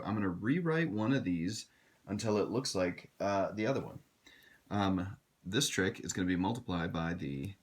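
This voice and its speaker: A man teaching a recorded math lesson, direct and instructive, talking to his students. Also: lowish voice. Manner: direct, instructive, addresses students as you guys.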